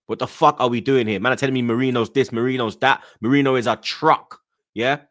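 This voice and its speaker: A man's voice: mid-range voice, fairly even intonation, fast, a bit bright. A young man, hosting a football podcast and ranting angrily, swearing, with repeated slang tags. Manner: angry, sweary, repeats "blood" and "you get me". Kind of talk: ranting casual chat.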